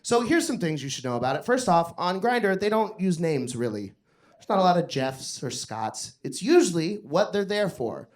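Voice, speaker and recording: A young adult man telling crude, animated stories during a stand-up comedy set on a club stage. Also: sits high, moderate pace.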